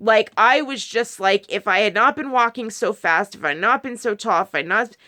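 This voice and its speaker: A woman's voice: mid-range voice, normal speed, pushed and bright. A married woman talking casually to camera, rambling through a personal story with many restarts and quoted asides. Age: adult, married. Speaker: video creator.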